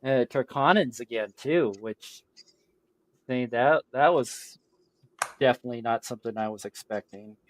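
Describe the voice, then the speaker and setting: A man co-hosting a podcast, musing aloud in a relaxed, casual chat. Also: medium pitch, moderate pace, low-quality recording. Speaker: podcast co-host.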